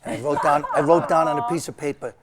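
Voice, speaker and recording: A man on a TV chat, relaxed, telling a family story. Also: a little high, fast, a loud crowd. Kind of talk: casual chat. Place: TV studio.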